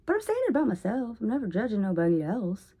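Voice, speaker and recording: A woman rambling in a casual vlog monologue at home, oversharing and jumping between topics with sudden loud bursts. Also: mid-range voice, very animated, fast, husky. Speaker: vlogger.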